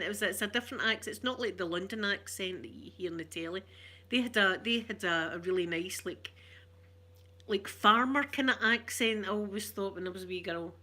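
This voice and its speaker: Soft-spoken Glaswegian woman, bright tone. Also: medium pitch. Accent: Glaswegian Scottish. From Glasgow, Scotland. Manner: soft-spoken, rambling, warm chatter with viewers. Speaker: ASMR livestream host. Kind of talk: chatty ASMR livestream.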